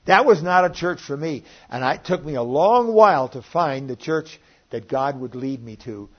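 A man's voice: fairly high pitch, lively intonation, normal speed. An older man preaching a sermon, earnest and rising and falling in volume as he quotes scripture. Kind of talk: sermon teaching. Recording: dull lo-fi recording.

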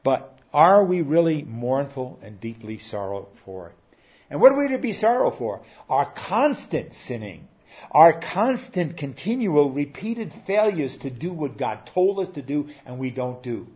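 A man preaching a sermon earnestly, with rising and falling emphasis and frequent pauses. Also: fairly high pitch, very animated. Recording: slightly dull lo-fi sound.

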